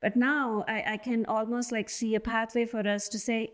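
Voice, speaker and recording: A woman's voice: a little high, flat delivery, moderate pace, few pauses. A woman hosting a podcast interview, enthusiastic and casual, her talk full of likes and restarts. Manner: enthusiastic, casual, many "like" fillers. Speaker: podcast host. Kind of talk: conversational interview.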